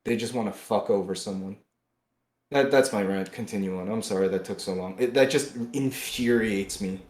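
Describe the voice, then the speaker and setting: A man co-hosting a podcast, delivering a heated political rant that swings between loud outbursts and low muttering. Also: moderate pace, reverberant. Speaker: podcast co-host.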